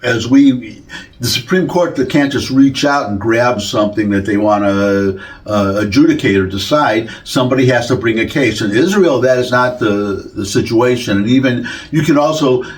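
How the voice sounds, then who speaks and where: A man's voice: mid-range voice, normal speed. A man from the United States giving a rambling solo commentary, full of restarts and self-corrections. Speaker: political commentator.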